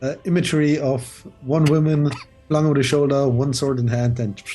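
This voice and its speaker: Man, player, casual chat, mellow tone, hesitant. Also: medium pitch, little pitch movement, normal speed, soft background music.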